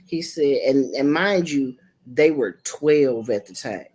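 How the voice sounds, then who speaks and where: A middle-aged woman hosting a livestream, telling a family story in casual chat, animated and profane, jumping into quoted voices. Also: rumbling low, slow pace, slightly rough. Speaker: livestream host. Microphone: streaming setup mic.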